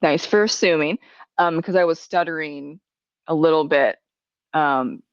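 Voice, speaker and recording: A woman's voice: sits low, a little slow, no room sound. A woman hosting a podcast, chatting casually, laughing often and swearing freely. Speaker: podcast host. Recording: dry, dull lo-fi sound.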